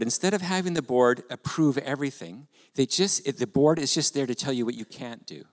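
A man preaching a sermon as pastor, animated and conversational, with rhetorical questions to the congregation. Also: medium pitch. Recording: long hall reverb.

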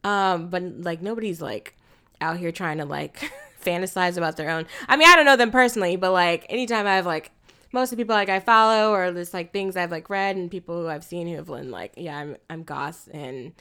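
A woman's voice: fairly low pitch, brisk, bright, forceful tone, smooth. Chatty young woman, rambling with laughs. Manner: rambling, many fillers and restarts, laughs often. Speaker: podcast co-host. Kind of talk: casual film discussion.

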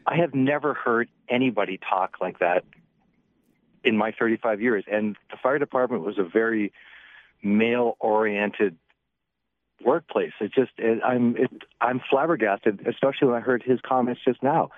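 A man who is a retired firefighter calls in to talk radio, earnest and a little halting in his delivery. His mid-range voice comes through a dry, tinny phone line. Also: mid-range voice, no echo. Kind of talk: phone-in call.

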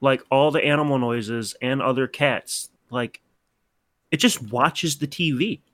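A man co-hosting a casual podcast, telling animated stories and acting out his pet's voice. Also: medium pitch, unhurried, no room sound, studio quality. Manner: animated storyteller, acts out his cat's voice. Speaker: podcast co-host. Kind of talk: casual chat.

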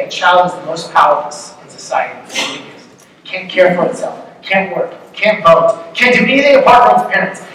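A man's voice: high voice, a bit bright. A young man giving a conversational, joking sermon full of rhetorical questions. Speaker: pastor. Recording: echoey hall, distant mic, faint noise.

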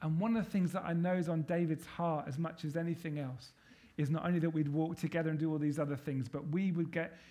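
A man's voice: fairly high pitch, steady tone, fast talker, mellow. A man preaching a sermon to a congregation, emphatic and rallying, drawing the listeners in with call-and-response questions.

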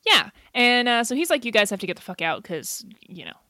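A woman's voice: fairly high pitch, big pitch swings, brisk, pushed and bright, no room sound, clean studio sound. A young woman co-hosting a podcast, chatting casually about a movie with lots of fillers and swearing. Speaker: podcast co-host.

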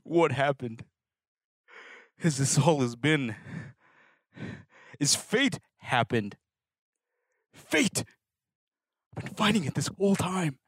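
A man voicing a despairing character who rails at fate with shouts and bitter laughter, in a tabletop role-play. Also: medium pitch, drawn-out words, pauses often, no echo, studio quality.

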